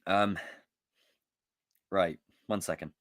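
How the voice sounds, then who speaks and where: A man hosting a livestream, reading viewer comments aloud in a loose, excitable, joking way with some swearing. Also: sits low, very slow. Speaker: livestream host.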